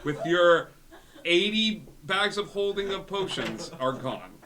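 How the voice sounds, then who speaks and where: A man's voice: high voice, lively intonation, slow, crowd noise. Laughing man running a tabletop game. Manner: loose, laughing delivery. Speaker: game master. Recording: other players chattering behind.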